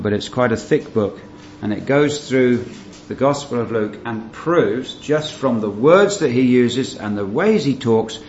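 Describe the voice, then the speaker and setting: A man's voice: medium pitch, slight background noise. A man giving a verse-by-verse Bible teaching, drawing out key words for emphasis and asking the listeners rhetorical questions. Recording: dull lo-fi recording with faint ambience.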